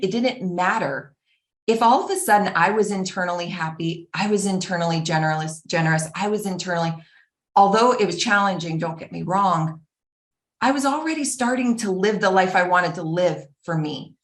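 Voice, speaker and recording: Earnest woman telling a story, roomy echo. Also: lowish voice. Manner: earnest, animated, acts out quoted voices. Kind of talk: personal storytelling talk.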